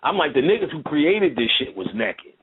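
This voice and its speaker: A man's voice: on the high side, very animated, normal speed, slightly rough. A man lecturing in casual conversation, telling a rambling, profane story full of asides. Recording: tinny phone-like line.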